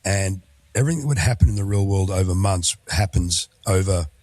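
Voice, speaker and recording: Deep-voiced man hosting a travel interview. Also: darkish tone, no echo. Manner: reflective, measured, with fillers. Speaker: interview host, former tour guide. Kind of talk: conversational interview.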